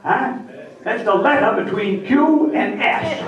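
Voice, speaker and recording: A humorist with a broad Maine accent works the room, drawing out his words slowly and coaxing the audience to repeat after him. His voice sits unusually high. The sound carries from a distance through a very echoey hall, with the crowd audible throughout. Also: expressive, highs cut off. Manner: broad drawled joking, teasing the crowd with call-and-response. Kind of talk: stand-up comedy lesson to an audience.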